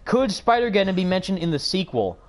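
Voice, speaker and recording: Excitable young guy chatting on stream. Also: high-pitched, a little fast. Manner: excitable, rambling, peppered with "like". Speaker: livestream host. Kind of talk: casual chat while streaming a game.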